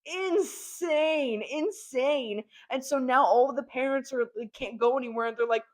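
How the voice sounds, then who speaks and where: A woman's voice: sits high, a little slow. A young woman casually recapping a horror novel, full of slang and "like" fillers, acting out the characters' lines as she goes. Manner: slangy, filler-heavy storytelling with lots of "like"; animated, acts out characters' lines. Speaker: book reviewer.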